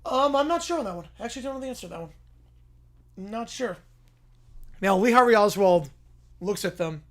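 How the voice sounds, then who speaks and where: A man's voice: high-pitched, animated, brisk, gravelly, long pauses, a bit bright. A man hosting a live stream, rambling, laughing and interrupting himself as he improvises a story. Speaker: streamer host.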